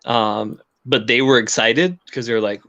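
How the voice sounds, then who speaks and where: A man co-hosting a casual conversation, telling stories with lively energy. He laughs often and jumps into acted-out quotes, in a voice of plain middle pitch. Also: normal speed, vocal fry, lo-fi sound. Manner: animated storyteller, laughs often, acts out quotes. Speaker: comic book creator and co-host. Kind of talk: casual chat.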